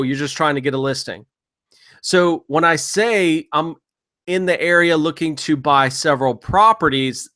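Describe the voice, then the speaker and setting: A man with a fairly high voice gives a screen-share software lesson. His delivery is casual and coaching, and he slips into sample phone lines now and then. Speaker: software trainer and real estate investor.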